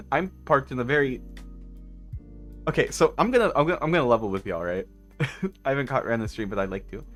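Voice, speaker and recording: A man's voice: medium pitch, a bit bright. A man streaming from a parked car, chatting casually with viewers, giggling often and rambling. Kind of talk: casual live-stream chat.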